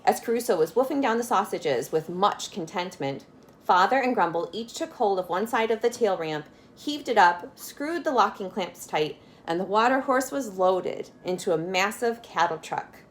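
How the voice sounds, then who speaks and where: An animated woman with a mid-range voice reads a children's chapter book at a normal speed, with slight background noise present. She is a storyteller who slips in friendly explanations of words for the young audience.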